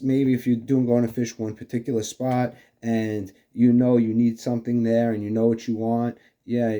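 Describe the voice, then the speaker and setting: A fishing channel host with a New York accent casually demonstrates fishing lures, rambling with many fillers like "you know". His voice is medium-pitched and warm.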